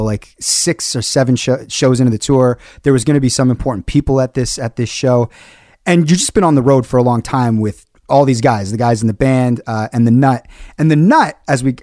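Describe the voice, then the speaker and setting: A man telling a rambling story on a podcast, full of "like" and "uh" and false starts. His voice sits at a middle pitch and is close to the mic. The sound is dry, with no room around it. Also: a little mellow, dry recording. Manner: rambling, many fillers and restarts. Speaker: podcast co-host. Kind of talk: casual storytelling chat.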